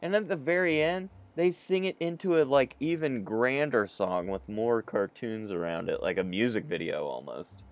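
A man's voice: medium pitch, moderate pace, hardly any pauses. A young man in casual comedic chat, joking and swearing, rambling with many fillers.

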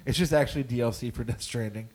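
A man co-hosting a casual podcast, joking and reacting quickly. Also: mid-range voice. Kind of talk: casual chat.

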